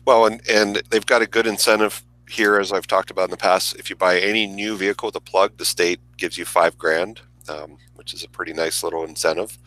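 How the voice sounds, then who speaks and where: A man on a podcast panel, explaining things in a relaxed, casual way. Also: deep voice, a little fast, few pauses, low-quality recording.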